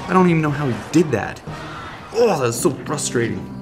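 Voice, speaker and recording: Excitable man commenting on live gameplay. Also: on the high side, moderate pace, vocal fry, music in the background. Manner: excitable, talks to viewers and taunts opponents. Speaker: gaming YouTuber.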